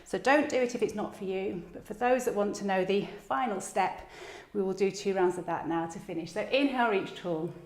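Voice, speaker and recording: A woman teaching a yoga class, calmly and encouragingly cueing each breath and movement, at times slightly out of breath. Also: mid-range voice, brisk. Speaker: yoga instructor. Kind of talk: guided yoga class instruction. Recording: echoey room.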